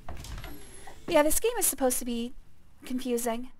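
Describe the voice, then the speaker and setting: Gravelly-voiced woman streaming a game. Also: high voice, a little slow. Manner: chatty, explains as she plays. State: gravelly, phlegmy voice. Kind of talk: casual let's-play commentary. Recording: clear steady background noise.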